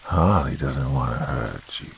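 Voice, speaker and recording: Man doing a demonic childlike creature, mocking, slow and whispery, very deep and gravelly. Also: slight background noise, heavily acted. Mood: creepy mocking.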